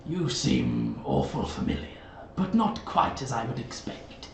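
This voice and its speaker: A man doing a slow, sly telepathic crow. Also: wildly swooping pitch, vocal fry, a little mellow, echoey room, far from the mic, slight background noise, exaggerated voice. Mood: sly, knowing. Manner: slow, low, knowing speech.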